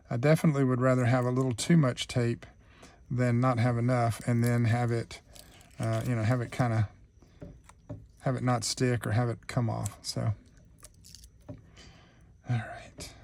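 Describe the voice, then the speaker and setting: A man's voice: mid-range voice, creaky, a little mellow. A man hosting a real-time craft tutorial, chatting easygoing as he thinks aloud through each step.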